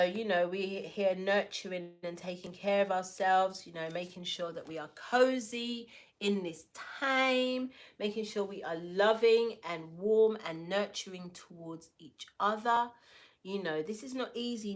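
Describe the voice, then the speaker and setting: A woman giving a casual oracle card reading, playful and affirming, with slangy asides to her viewers. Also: medium pitch. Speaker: tarot and oracle card reader.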